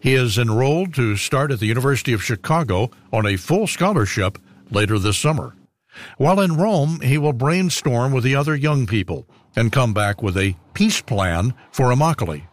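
Lively-voiced male news anchor. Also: medium pitch, moderate pace, no echo. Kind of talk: scripted news narration.

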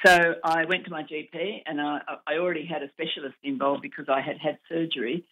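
A woman's voice: low-pitched, steady tone, fairly quick. Earnest woman on a tinny phone line. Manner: earnest, encouraging, gives direct advice. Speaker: advocacy group founder, interviewee. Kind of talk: radio interview over the phone.

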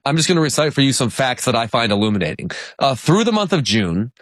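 A man's voice: medium pitch, fast talker, dry recording. A man reading baseball numbers in a conversational sports talk, often laughing while he talks. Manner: laughs through stats, animated. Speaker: baseball analyst.

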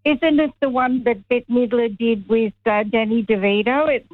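A woman in her seventies calling a radio show, speaking in a halting but emphatic way. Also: fairly high pitch, dry recording. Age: 70s. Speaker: caller. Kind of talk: radio call-in. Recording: dry tinny phone line.

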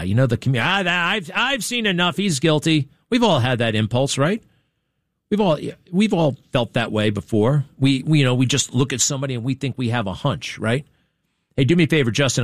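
This is a male talk-show host in a studio, speaking in a casual, digressive way. His voice sits in the middle range, and his tone is wry. The sound is close and dry, with no room echo. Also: mid-range voice. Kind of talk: rambling monologue, casual chat.

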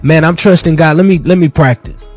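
Blunt higher-voiced male radio host. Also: a little fast, faint music behind. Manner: blunt, heartfelt, plain-spoken. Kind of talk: casual radio talk and prayer.

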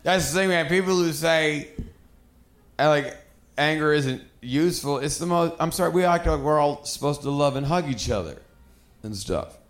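A man doing a stand-up routine, brash and profane, working himself up to shouts on stage. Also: fairly high pitch, lively intonation, normal speed. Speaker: stand-up comedian. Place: comedy club stage. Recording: roomy club with audience laughter.

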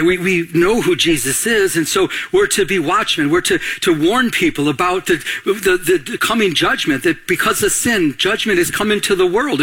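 A middle-aged male pastor delivers a lively sermon in a high, bright voice. He preaches with energy and keeps calling out questions for the congregation to finish. His tone is forceful and ringing. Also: husky.

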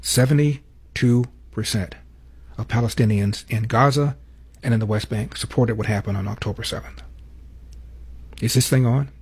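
Husky man giving political commentary. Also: mid-range voice, a little mellow. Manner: emphatic, slows down on key figures. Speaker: host.

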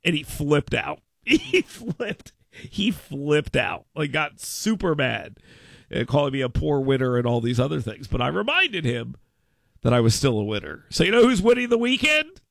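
A man hosting a radio talk show, excitable and mock-dramatic, stumbling over repeated words in comedic chat. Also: a little high, moderate pace, gravelly, no room sound, studio quality.

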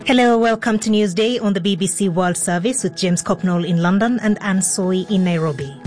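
A woman presenting a world news programme on radio from a studio, in a measured, formal delivery. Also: medium pitch, over music.

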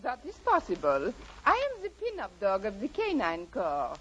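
A woman's voice: medium pitch, wildly swooping pitch, moderate pace, a bit bright, husky, full character voice. An actress playing a coquettish female French poodle with a put-on French accent, coy and teasing, in a 1940s radio comedy. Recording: dull noisy old radio recording.

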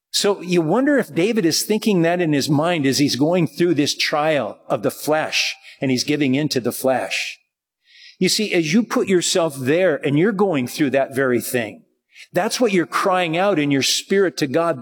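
Husky guy preaching, talks loose and restarts a lot, kinda high voice, big reverb. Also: lively intonation, a little slow. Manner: conversational preaching with frequent restarts. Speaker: pastor. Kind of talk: sermon.

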